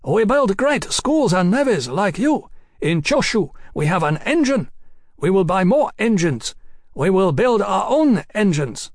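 A man voicing an earnest, idealistic young foreign envoy who speaks in slow, emphatic declarations. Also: high-pitched, big pitch swings, no room sound, clean studio sound, voice pushed up, full character voice.

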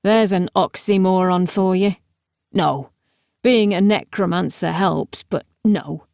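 A woman voicing a brisk, dry young male necromancer scholar in an audiobook, speaking in a clipped, matter-of-fact way. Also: fairly low pitch, vocal fry, darkish tone, dry recording. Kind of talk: audiobook character voice.

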